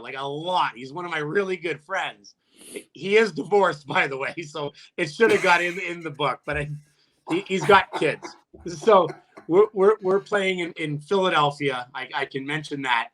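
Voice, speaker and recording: A man's voice: moderate pace, a bit bright. A man, a retired hockey player, telling profane stories in a casual podcast chat, laughing and restarting often. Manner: jumps much higher when quoting his own taunts.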